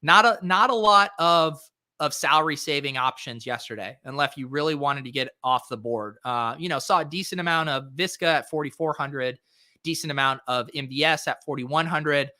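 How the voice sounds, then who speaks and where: Guy hosting a fantasy sports chat, bright clear voice, lots of ums and uhs. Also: fairly high pitch, no echo, clean studio sound. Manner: chatty, filler-heavy, quick asides. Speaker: fantasy sports podcast host. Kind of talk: casual lineup review chat.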